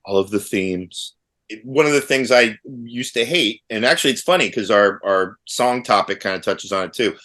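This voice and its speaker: Brief: middle-aged man, low voice, rambling wry podcast chatter. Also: moderate pace, bright, forceful tone. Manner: rambling, many restarts, wry. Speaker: podcast co-host. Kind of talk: casual chat among old friends.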